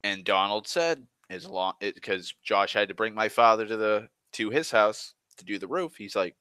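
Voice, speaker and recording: A man's voice: fairly low pitch, expressive, moderate pace, few pauses, bright, forceful tone, clear, resonant tone, dry recording. A man telling a work story as an exasperated, swearing rant, often restarting his sentences. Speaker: online storyteller. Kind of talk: profane rambling rant.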